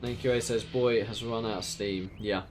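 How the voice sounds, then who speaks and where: A man from near London with an Essex accent, giving lively play-by-play commentary on a strategy game match and reading out viewer chat. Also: fairly low pitch, moderate pace, faint music behind. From England, near London. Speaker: esports caster.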